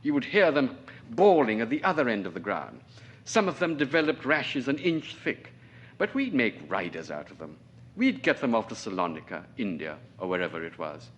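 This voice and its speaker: A man's voice: mid-range voice, sing-song, moderate pace, a little hiss or hum, lightly acted. A man voicing a domineering, sarcastic older colonel who taunts his staff. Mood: reminiscing. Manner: cutting, taunting.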